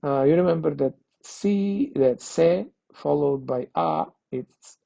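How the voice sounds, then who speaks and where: This language teacher has a slow, creaky, dark voice that sits on the high side. He explains grammar with patience, repeating things and checking in with frequent questions such as "okay?", all captured in a dull, lo-fi, dry recording.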